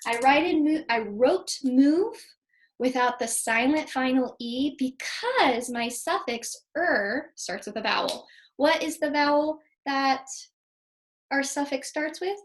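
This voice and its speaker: A woman's voice: high-pitched, lively intonation, slow, poor audio. A woman teaching a spelling lesson to second graders, patiently sounding out letters and syllables one at a time. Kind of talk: spelling lesson for young children.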